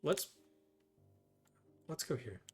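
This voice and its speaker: A man hosting a let's play, joking and thinking out loud as he plays. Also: drawn-out words, faint music behind. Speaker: gameplay host.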